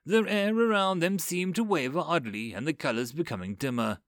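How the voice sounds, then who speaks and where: A man reading a dark fantasy story aloud in an expressive, dramatic way. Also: fairly high pitch, fairly quick, dry recording, studio quality. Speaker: narrator. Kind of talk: audiobook story narration.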